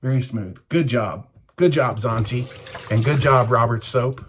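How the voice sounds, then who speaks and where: A man's voice: medium pitch, unhurried, slight background noise. Rambling middle-aged man telling stories. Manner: rambling, anecdotal, chuckling. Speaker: shaving product reviewer. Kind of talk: casual vlog storytelling while shaving.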